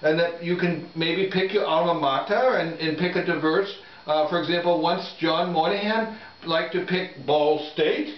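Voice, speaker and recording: A man's voice: a little high, normal speed. Joking man, distant and echoey. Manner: hesitant, many fillers and restarts, playful. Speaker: co-host of a sports picks show. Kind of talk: casual joking chat. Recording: roomy, distant, dull home recording.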